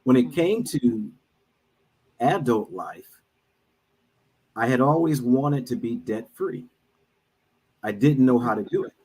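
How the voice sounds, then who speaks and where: A middle-aged man speaking as a guest on an online talk, telling a personal story in an earnest, measured way with frequent pauses. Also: mid-range voice, lively intonation, a little mellow, husky, poor audio. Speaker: guest speaker, minister and financial advisor.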